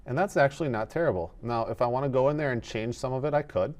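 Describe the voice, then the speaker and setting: A man teaching animation in a screen-recorded tutorial, explaining each step in a methodical, relaxed way. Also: medium pitch, fast talker.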